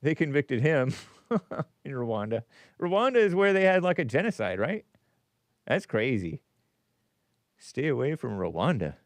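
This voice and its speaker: A man's voice: mid-range voice, very animated, unhurried, long pauses, no echo. A man hosting a call-in show, rambling and musing aloud, breaking off mid-phrase and chuckling. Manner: rambling, self-interrupting, chuckling. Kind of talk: casual radio call-in talk.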